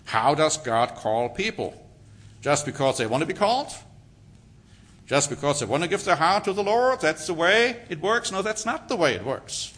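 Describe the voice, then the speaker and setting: A man's voice: a little high, lively intonation, normal speed, fairly bright tone. A man preaching a sermon, reading scripture aloud and pressing his points with rhetorical questions and emphatic answers.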